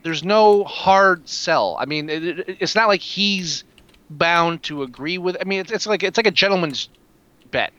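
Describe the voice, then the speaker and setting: A man co-hosting a casual movie review podcast, talking in a wry, animated way and slipping into joking voices. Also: high voice, measured pace, dry recording, muffled recording. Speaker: podcast co-host.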